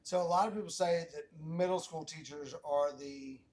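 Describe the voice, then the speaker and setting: A middle-aged man hosts a podcast in casual interview mode, his slightly high, slightly mellow voice moving at normal speed. His questions ramble, trail off and restart mid-thought.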